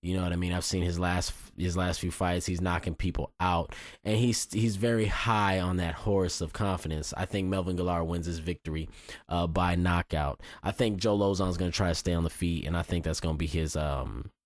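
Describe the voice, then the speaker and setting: A man with a very low voice delivers casual fight predictions, blunt and boastful, tripping over his own restarts as he goes. The sound is close and dry, with no room around it. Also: fairly even intonation, normal speed, no echo. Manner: blunt, boastful and cocky, with frequent restarts and mild swearing. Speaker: fight commentator and video host.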